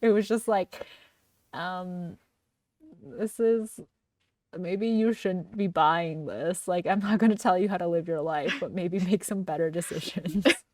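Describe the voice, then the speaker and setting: A young woman co-hosting a podcast in a chatty, casual way, full of "like" fillers and quick laughs. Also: on the low side, steady tone, dark tone, far from the mic. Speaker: podcast co-host. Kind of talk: casual chat.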